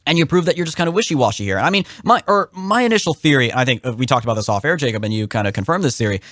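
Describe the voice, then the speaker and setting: Fast, animated young man podcasting. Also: no echo, studio quality. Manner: animated, opinionated, swings pitch sharply for emphasis; acts out quoted people in his stories. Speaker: podcast co-host. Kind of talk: casual political podcast chat.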